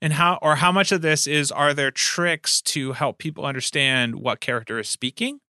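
A man co-hosting a casual chat about running tabletop games, animated and laughing often. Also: fairly high pitch, moderate pace, dry recording, clean studio sound. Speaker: podcast co-host and game master.

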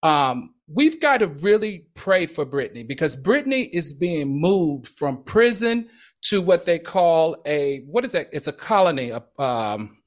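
Male co-host, fairly high voice, emphatic and punchy in casual news commentary. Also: very animated, measured pace.

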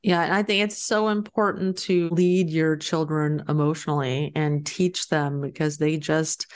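A woman's voice: sits low, steady tone, a little slow. A woman hosting an interview, talking thoughtfully and often hedging with filler phrases. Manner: thoughtful, hedging with "you know". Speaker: host. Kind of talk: casual interview chat.

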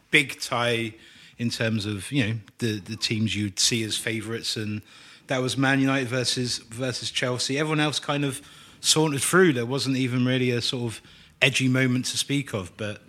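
A man's voice: mid-range voice, steady tone, moderate pace, bright, forceful tone. A man co-hosting a casual football podcast, wordy and thoughtful, with playful turns of phrase. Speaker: podcast co-host.

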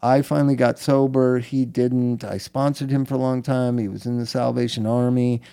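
A man's voice: medium pitch, flat delivery, normal speed, gravelly, warm tone, clean tone. A middle-aged man casually telling a long personal story as a guest, candid and rambling, often tagging "right?" onto his sentences.

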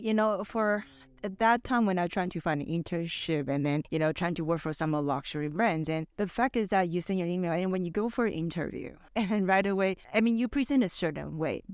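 A woman guest on a podcast telling personal stories in a chatty way, full of "you know" and quick laughs. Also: lowish voice, dry recording, studio quality. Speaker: podcast guest, business founder.

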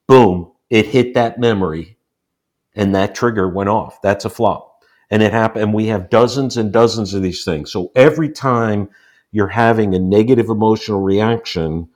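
Older man, very low voice, earnest storyteller explaining ideas. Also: a little mellow. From United States. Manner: earnest, explanatory, repeats points for emphasis. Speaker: podcast guest. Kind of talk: conversational storytelling.

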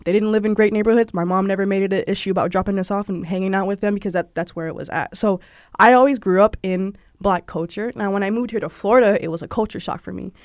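Speaking fast in a mid-range voice, a young Georgia woman with a Southern accent chats through personal stories as an interview guest. Expect frequent "like" fillers and animated impressions when she quotes people. There's no echo, and the sound is studio quality.

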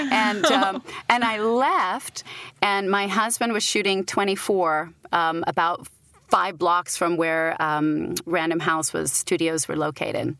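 A woman's voice: mid-range voice, fairly bright tone, no echo. A middle-aged woman from Britain, an audiobook narrator, telling stories animatedly and laughing often in a casual interview.

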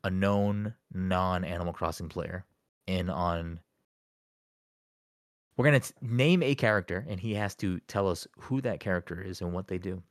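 Deep guy running a podcast quiz, playful and teasing, dead dry mic. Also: moderate pace, no echo. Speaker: podcast host. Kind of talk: casual podcast chat.

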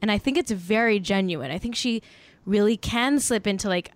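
A young woman hosts a podcast from her desk at home over a video call, her voice smooth and clear. She talks casually and bluntly, swears freely and fills her sentences with "like." The sound is dry and close, with no room echo. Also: medium pitch, normal speed. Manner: frank, swears freely, heavy use of "like". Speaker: podcast host. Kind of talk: casual chat.

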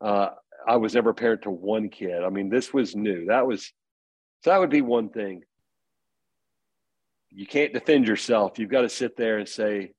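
A man's voice: lowish voice, moderate pace, long pauses, darkish tone, no echo, dull audio. A middle-aged man as a podcast guest, earnestly telling stories about parenting in casual conversation. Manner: earnest storytelling.

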